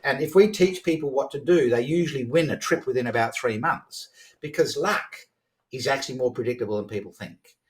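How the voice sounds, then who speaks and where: Man, 50s, podcast guest, middle pitch, animated storytelling, frequent restarts. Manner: animated, quick to act out dialogue, frequent restarts. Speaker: podcast guest, sales strategist. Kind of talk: conversational storytelling.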